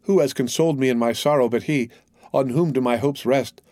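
A man voicing a devout, torn young woman who pleads with her lover, read in an earnest, measured way. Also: mid-range voice, a little mellow, dry recording, studio quality, close to an everyday voice. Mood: anguished. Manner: earnest, imploring, measured reading. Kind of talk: audiobook character reading.

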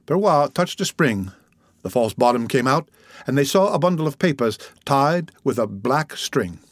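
A man narrating a classic novel as an audiobook, reading in a measured, even way. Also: mid-range voice, no echo, clean studio sound.

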